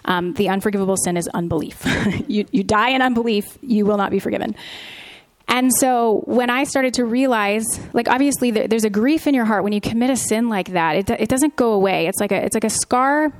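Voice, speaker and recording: A woman co-hosting a Christian talk show, earnestly sharing her own story with frequent pauses and restarts. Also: fairly high pitch. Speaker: podcast co-host. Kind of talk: candid Christian testimony.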